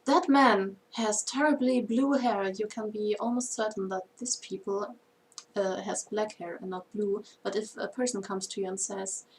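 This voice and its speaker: A woman's voice: mid-range voice, little pitch movement, moderate pace, few pauses, a little mellow, slight background noise. Chatty German-accented woman. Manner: chatty, laughs often, many fillers. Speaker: band member co-hosting a livestream. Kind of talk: casual livestream chat.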